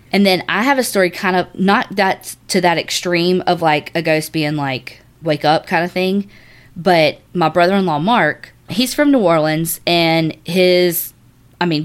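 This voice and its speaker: Lady podcast host w a lowish voice, reading listener stories, swears n laughs a lot. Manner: animated, swears, laughs often. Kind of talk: casual chat and reading a listener story.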